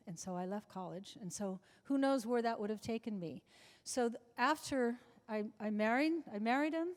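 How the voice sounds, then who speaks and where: A woman in her seventies, a guest in a live interview before an audience, telling long anecdotes with frequent restarts. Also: mid-range voice. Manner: chatty anecdotal storyteller with many restarts. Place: large club function room before an audience. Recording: reverberant hall.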